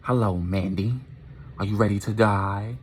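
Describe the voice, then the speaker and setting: A man voicing a hot-tempered eleven-year-old boy who kills, talking in an enraged, shouting way. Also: lowish voice, steady tone, normal speed, slight background noise, close to an everyday voice. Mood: menacing.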